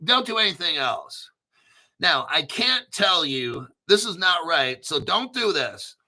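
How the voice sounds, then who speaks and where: A man hosting his own channel in a casual monologue, emphatic and repetitive, rambling and swearing, often clearing his throat. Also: a little high, sing-song, measured pace, pushed and bright. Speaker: crypto channel host.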